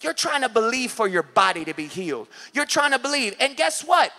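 A male pastor with a Californian accent, preaching an impassioned sermon, often shouting and acting out little scenes. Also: very high-pitched, big pitch swings, a little fast. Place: church service.

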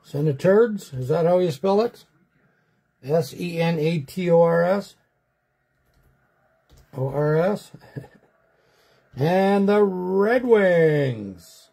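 Man, card break host, high voice, slow folksy chat. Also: gravelly, dark tone, husky. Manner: folksy, chatty, drawn-out calls to viewers. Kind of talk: casual live card break commentary.

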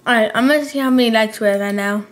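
A woman's voice: fairly high pitch, racing. A young woman hosting a live game stream, talking in offhand, laid-back slang with her co-player. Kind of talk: casual gaming chat.

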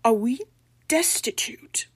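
A woman's voice: mid-range voice, normal speed, dry recording, lightly acted. A woman voicing the prim, haughty spirit of an old-fashioned lady from a bog body, speaking with formal, peevish diction in a storybook reading. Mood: dismayed.

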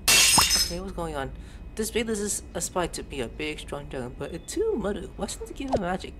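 A man's voice: sits high, very animated, fairly quick, heavy background noise. A man giving casual let's-play commentary, reading on-screen text aloud, spelling out words letter by letter, and swearing when surprised. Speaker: gameplay streamer. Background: game music.

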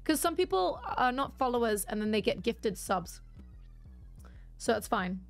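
A woman's voice: on the high side, sing-song, measured pace. Chatty woman streamer, music behind. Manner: chatty, laughs often, reads chat aloud. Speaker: livestreamer. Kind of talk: casual chat with viewers.

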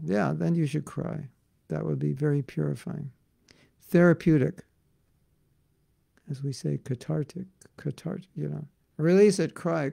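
A man teaching a devotional class in an earnest, conversational way, full of casual fillers, swinging between loud emphasis and soft asides. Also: on the high side, creaky, no echo. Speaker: spiritual teacher.

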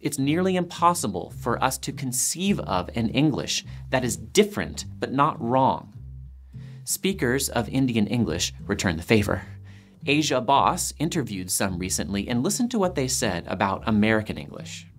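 A man presenting a documentary, narrating a script in a lively, lightly playful way. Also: mid-range voice, normal speed, soft background music.

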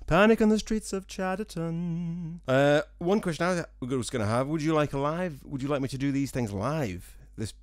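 A singer-songwriter from Scotland, his Scottish accent softened by years in England, rambling to viewers in a casual vlog with dry, self-mocking jokes. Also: mid-range voice, no echo. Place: small room at home, with a fan.

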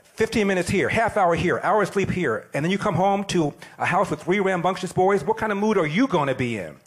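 A man in his sixties giving an animated, plain-spoken storytelling speech. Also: sits high, brisk, husky. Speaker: speaker at an event.

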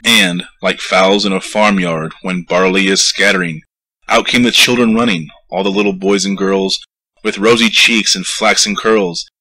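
A man reciting a narrative poem with a rhythmic, lively storytelling delivery. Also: deep voice, moderate pace, husky, rough recording. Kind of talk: poetry recitation.

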